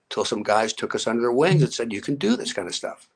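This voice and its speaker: A man's voice: mid-range voice, big pitch swings, fast. An older man, a grandfather and coach, telling stories in an interview with energy and acting out both sides of conversations. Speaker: guest, fitness coach. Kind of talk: animated storytelling in an interview.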